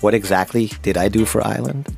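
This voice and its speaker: A man's voice: fairly low pitch, brisk, creaky, a little mellow, faint music behind. A man narrating his own memoir in the first person, wry and self-deprecating.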